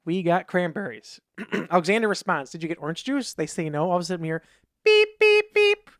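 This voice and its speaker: A man's voice: on the high side, quick pace, no echo, clean studio sound. A man co-hosting a podcast in casual chat, rambling through anecdotes and acting out what people said in raised voices. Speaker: podcast co-host.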